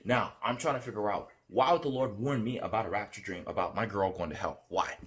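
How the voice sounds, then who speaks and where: A man's voice: fairly quick, fairly bright tone. Earnest rambling man telling a dream. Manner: earnest, rambling, repeats himself; hums a tune with rising pitch. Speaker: vlogger recounting a dream. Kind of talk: casual spoken storytelling.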